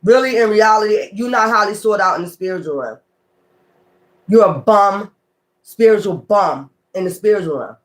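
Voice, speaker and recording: With a high, slightly bright voice at a normal pace, a man on his own tarot channel rants spontaneously. The tone is profane and confrontational as he repeats taunts and scornfully labels his critics weirdos.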